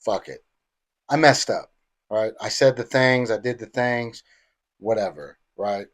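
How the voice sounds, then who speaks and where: A man's voice: on the low side, lively intonation, a little slow. A man from New York City hosting a podcast, talking bluntly and casually, often checking in with "right?". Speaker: podcast host.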